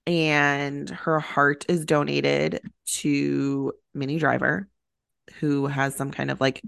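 Low, gravelly woman chatting casually. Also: level tone, slow, a bit bright, dry recording, studio quality. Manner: chatty, many fillers and "like". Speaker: podcast co-host. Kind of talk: casual chat recapping a movie.

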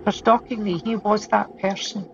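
A woman giving an earnest, measured account of a frightening personal experience in an interview. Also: medium pitch, steady tone, vocal fry, a little hiss or hum. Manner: earnest, measured, emotional storytelling. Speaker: interviewee recounting being stalked. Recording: dull lo-fi sound.

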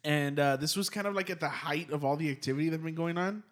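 A man's voice: on the high side, fast talker. Rambling man telling a spooky story. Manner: swearing, rambling anecdotes with acted quotes. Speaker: podcast host. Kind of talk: casual chat, storytelling. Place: recording studio.

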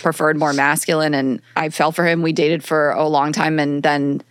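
A woman's voice: low-pitched, flat delivery, normal speed, no room sound, studio quality. A woman in casual chat, talking openly and laughing often.

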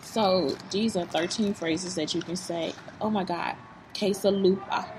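A woman vlogging in a fast-food restaurant, talking in a blunt, profane, rambling way. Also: on the low side, steady tone, darkish tone. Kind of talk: casual vlog talk. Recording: noisy restaurant background.

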